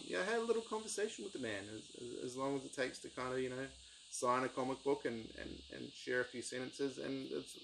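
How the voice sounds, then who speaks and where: A man chats through his book collection in a loose, rambling way, full of ums and restarts. His voice sits at an ordinary middle pitch. Crickets and outdoor ambience come through clearly behind him. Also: noisy background. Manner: rambling, enthusiastic, lots of ums. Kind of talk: casual book review vlog.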